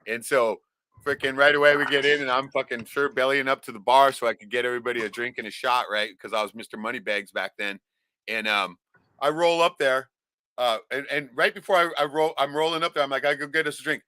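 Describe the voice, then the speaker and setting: A man's voice: medium pitch, fairly even intonation, brisk, sharp tone, no room sound. A man from Alaska hosting a livestream, telling a rambling, profane story in casual chat and tagging "right?" onto his sentences. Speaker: livestream host.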